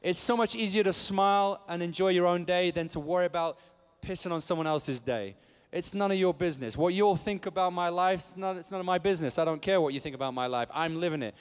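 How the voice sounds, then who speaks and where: A man's voice: high-pitched, fast talker, clean tone. Playful British man in an echoey hall. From Britain. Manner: playful, rambling, cheeky. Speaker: actor guest at a fan convention panel. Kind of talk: joking panel talk to a crowd. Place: convention hall stage.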